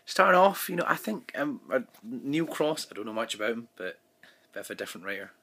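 A man's voice: mid-range voice, very animated, a little fast, a bit bright. A man giving a casual, rambling vlog review of a TV episode, recorded on his phone, full of fillers and restarts.

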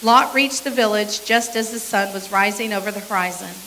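A woman's voice: mid-range voice, a little fast, sharp tone, slight background noise, poor audio. A woman pastor reading a scripture passage aloud during a sermon, with short asides to the congregation.

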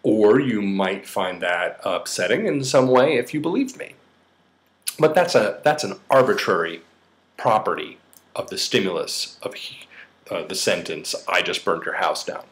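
A man's voice: fairly low pitch, sing-song, a little slow, fairly bright tone. A middle-aged man with a slight New York accent, explaining ideas in a casual lecture with frequent fillers and restarts. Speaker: psychotherapist teaching a course.

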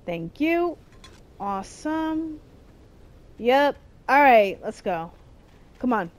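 A woman's voice: sits high, sing-song, extremely slow. Exasperated young woman playing a game. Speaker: gameplay streamer. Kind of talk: let's play commentary.

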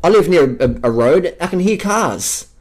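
A man's voice: fairly high pitch, expressive, moderate pace. An Australian man vlogging an unscripted rant, emphatic and profane, hammering his points by repeating phrases. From South Australia.

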